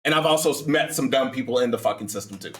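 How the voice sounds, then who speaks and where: A man hosting a reaction video, talking in excitable, profane, laughing banter. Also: medium pitch, rapid-fire, reverberant. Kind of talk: casual reaction commentary.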